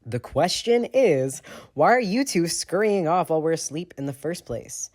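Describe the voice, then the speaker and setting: A man's voice: a little high, big pitch swings, normal speed, darkish tone, voice pushed up. A man doing a furious, swearing teenage boy. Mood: angry. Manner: heated, swearing outbursts. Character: angry, cursing teenage boy wizard.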